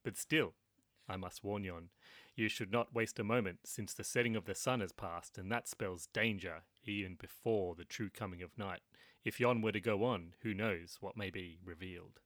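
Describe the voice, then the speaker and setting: A man putting on a gruff old rustic warner. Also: on the low side, fairly bright tone, no room sound, studio quality, close to an everyday voice. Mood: ominous. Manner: slow, dialect-heavy, ominous.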